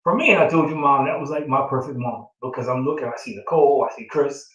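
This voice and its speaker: A man's voice: medium pitch, quick pace, a bit bright, lo-fi sound. Reflective father in a roomy echo. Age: middle-aged. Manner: reflective, emotional storytelling with many fillers. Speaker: father of the groom. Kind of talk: casual chat. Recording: roomy sound from a distant mic.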